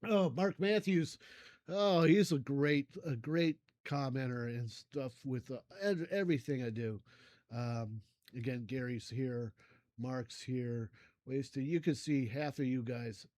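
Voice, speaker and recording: A man's voice: mid-range voice, no room sound. Rambling older man with a frequent cough. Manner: rambling, halting, many fillers and restarts; effusive, warm toward viewers. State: frequent coughing and throat clearing. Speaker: music reaction channel host. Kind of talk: casual thank-you chat to viewers.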